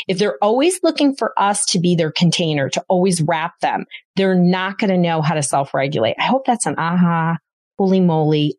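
A woman's voice: lowish voice, darkish tone, no echo. A woman hosting a parenting podcast, giving emphatic advice straight to parents. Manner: emphatic, addresses parents directly. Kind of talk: solo podcast advice talk.

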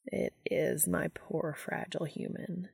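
A woman voicing an ancient, calm, gently amused male angel in a fan fiction audiobook, speaking low, soft and unhurried. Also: creaky, husky, no echo, studio quality, full character voice.

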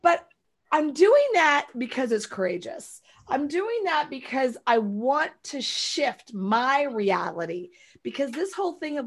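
Animated chatty woman, high-pitched. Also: unhurried. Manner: animated storyteller, acts out quotes loudly. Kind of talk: casual chat.

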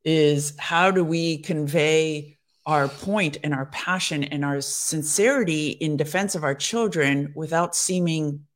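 A woman's voice: deep voice, a little slow, hardly any pauses. A woman co-hosting a faith devotional, speaking in an earnest, encouraging and affirming way. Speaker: devotional co-host. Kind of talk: casual faith chat.

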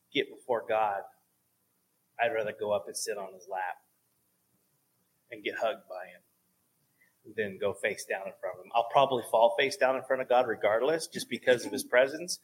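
A man telling lively stories about faith in a casual talk, going soft and low at times for emphasis. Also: husky. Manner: animated storyteller, drops to a soft voice for emphasis.

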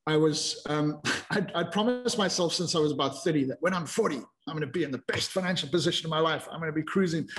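A man's voice: a little high, fast, a bit bright. A man in his fifties, a podcast guest telling his story in a candid, reflective way with frequent restarts. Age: 50s. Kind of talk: casual interview chat.

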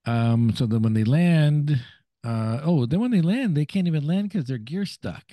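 Mellow-voiced man recapping a TV episode. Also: fairly high pitch, lively intonation, dry recording. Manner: recounts scenes step by step, halting and searching for words. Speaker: podcast co-host. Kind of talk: casual episode recap chat.

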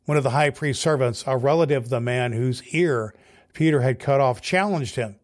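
A male pastor reads a scripture passage aloud. His pitch sits in a middle range. The reading is steady and clear. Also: moderate pace.

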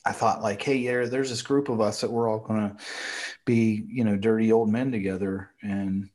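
Low-voiced man recalling, halting. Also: steady tone, darkish tone. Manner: halting, emotional, gets choked up. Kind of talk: casual conversation.

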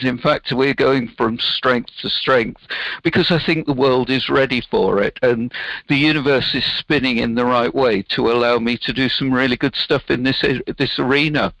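A man's voice: medium pitch, fairly bright tone, no echo, lo-fi sound. A man, a business founder answering interview questions in an earnest, explaining way.

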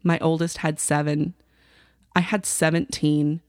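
A woman's voice: fairly low pitch, normal speed, vocal fry, no echo. A woman hosting a talk show, telling a personal story in a chatty, casual way with asides to the listener.

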